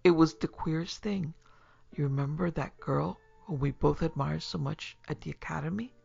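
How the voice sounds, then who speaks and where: A woman's voice: sits low, moderate pace, creaky, darkish tone, slightly rough, lo-fi sound, full character voice. A woman doing a feverish, haunted young man. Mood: cheerful. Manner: rambling, whispering in dread. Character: feverish tormented young male student.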